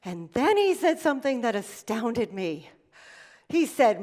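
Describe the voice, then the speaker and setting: A middle-aged woman delivers a motivational speech from a stage in a fairly high voice. She tells stories with emphasis and keeps coming back to the same catchphrases. It is lively, persuasive public speaking. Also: a little slow, big-room sound. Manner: emphatic, storytelling, repeats key phrases. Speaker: keynote speaker. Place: event stage before an audience.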